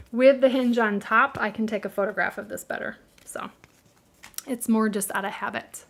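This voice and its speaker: A woman's voice: fairly high pitch, a bit bright. A middle-aged woman with a Midwestern American accent hosts a live craft tutorial, chatting in a friendly way, laughing easily and answering viewers' questions.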